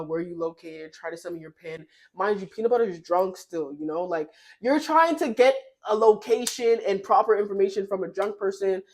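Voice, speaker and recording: Young female storytime vlogger, candid and lively, chatting while baking. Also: medium pitch. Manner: animated, laughing, slangy and candid. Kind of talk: casual storytelling. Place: home kitchen while baking.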